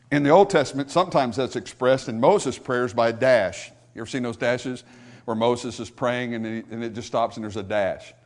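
A man preaching a sermon, repeating phrases for emphasis and calling out to the congregation, swelling to fervor then dropping soft and low. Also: normal speed.

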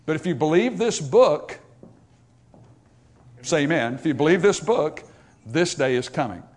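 A man preaching a sermon, emphatic, rising to loud, raised passages and dropping to quiet asides, reading scripture in old-fashioned wording. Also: a little high, lively intonation, a little slow.

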